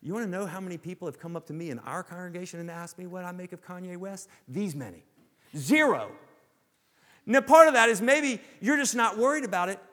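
A male pastor giving a sermon, asking rhetorical questions and swinging between raised emphasis and hushed, low asides. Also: fast, few pauses, big-room sound.

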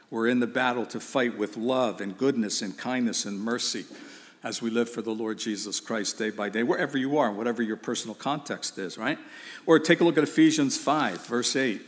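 A man's voice: medium pitch, big-room sound. A man preaching a sermon, asking his listeners rhetorical questions and repeating phrases for emphasis.

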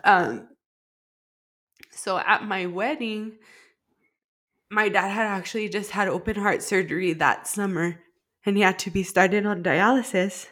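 A woman's voice: mid-range voice, steady tone, unhurried, long pauses, a bit bright. A woman co-hosting a podcast, telling a personal story in a heartfelt, rambling way, full of "like" fillers. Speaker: podcast co-host.

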